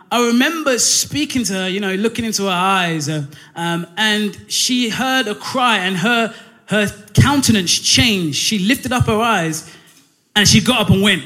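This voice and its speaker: A young man preaching a lively, joking church sermon, often asking for amens, with many fillers. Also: sits high. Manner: energetic, jokey, calls for amens, many fillers. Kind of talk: church sermon with call and response.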